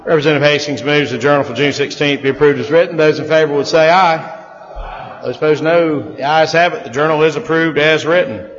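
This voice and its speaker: A man presiding over a legislative session, reading formal procedural announcements in a brisk, routine, ceremonial way. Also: a little high. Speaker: presiding officer of a legislative house. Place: legislative chamber. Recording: dull, echoey chamber audio.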